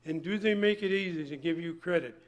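An older man preaching a folksy sermon, emphatic and swinging between loud points and hushed asides. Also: a little high, brisk.

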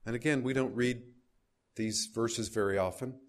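A man's voice: mid-range voice, moderate pace. A man preaching a sermon, reading scripture aloud and putting questions to his listeners. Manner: reads scripture aloud with rising emphasis, asks the congregation questions.

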